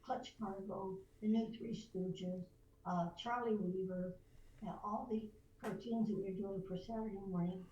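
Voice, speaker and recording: A woman's voice: medium pitch, normal speed, dull audio. Older woman telling showbiz stories. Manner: lively anecdotal storytelling, slips into voices. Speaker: guest, veteran voice actress. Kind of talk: storytelling in a podcast interview. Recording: roomy distant mic, faint noise.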